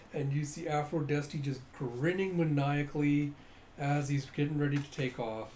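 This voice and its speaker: A man's voice: a little high, moderate pace, darkish tone, slight background noise. A man casually reading through a comic and describing the panels. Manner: casual, narrates panels, reads lines aloud. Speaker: comic readthrough host.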